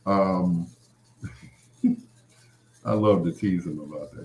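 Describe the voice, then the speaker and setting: Male host, middle-aged, lower register, loose rambling talk with acted-out quotes. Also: takes it slowly, long pauses, darkish tone. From Chicago area. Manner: rambling, many "you know" fillers, acts out quoted lines. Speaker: podcast host. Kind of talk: casual storytelling chat.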